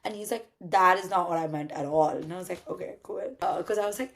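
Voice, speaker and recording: Animated young woman from India. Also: mid-range voice, quick pace, hardly any pauses. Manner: animated, acts out both sides of dialogue, swears casually. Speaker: podcast host telling a story. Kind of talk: casual storytelling chat.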